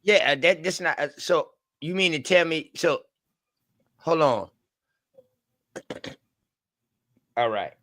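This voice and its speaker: A man's voice: a little high, takes it slowly, pauses often, dry recording, clean studio sound. A man hosting a live stream, reacting bluntly and with slang to a history video he is watching. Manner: blunt, animated, swears, interjects with reactions. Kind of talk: casual live-stream discussion.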